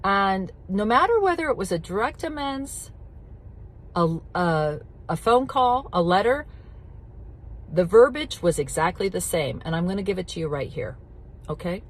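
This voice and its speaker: A woman's voice: mid-range voice, lively intonation, normal speed. A middle-aged woman coaching addiction recovery, talking bluntly and directly, with emphatic repetition and casual swearing. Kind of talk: casual teaching talk to camera.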